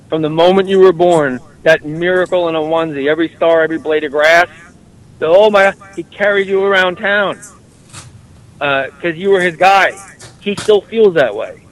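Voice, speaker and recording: A man's voice: on the high side, low-quality recording. A man hosting a comedic call-in talk show, brash and joking, swearing freely and rambling. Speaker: host.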